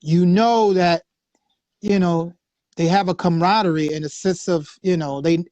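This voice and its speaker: A man with a high voice tells a story in casual, slangy talk. He laughs easily and keeps checking in with his listener. The sound is dry and close. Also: fairly even intonation, normal speed, darkish tone, no echo, lo-fi sound. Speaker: guest musician.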